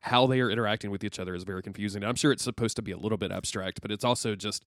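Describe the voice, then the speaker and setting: A man with a lowish voice chats about comics as a podcast co-host. He is self-deprecating and laughs often while he talks. The recording is dry and close. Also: very fast, fairly bright tone, no room sound. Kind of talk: casual chat.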